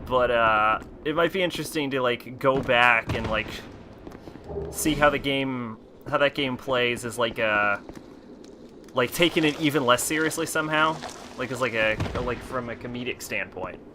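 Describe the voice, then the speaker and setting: A man's voice: mid-range voice, normal speed, background noise. Rambling, easily amused male streamer. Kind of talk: casual stream chat.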